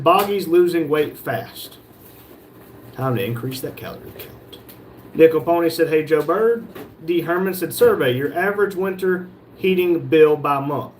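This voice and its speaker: A man's voice: a little high, slight background noise. Man reading live chat aloud. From North Carolina, USA. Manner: reads viewer comments aloud and jokes back. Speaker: livestream host reading chat.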